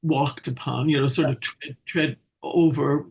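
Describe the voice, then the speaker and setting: A man's voice: on the high side, fairly even intonation, unhurried, creaky, darkish tone. A man co-hosting a casual spiritual discussion, talking in a thoughtful, hesitant way.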